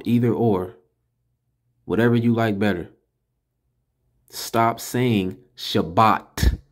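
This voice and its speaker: A man teaching a casual class, correcting pronunciation in an emphatic way and slowly sounding out syllables one by one. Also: fairly low pitch, darkish tone. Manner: slow, deliberate, repeats and sounds out syllables. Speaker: teacher of a religious language class. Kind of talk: casual spoken lesson.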